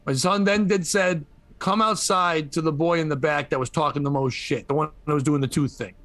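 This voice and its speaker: A man with a slightly high voice tells a news story for laughs, swearing freely and acting out the people in it. The sound is dry and close, with no room around it. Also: fairly quick, fairly bright tone, no room sound. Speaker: podcast host. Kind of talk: comedic news commentary.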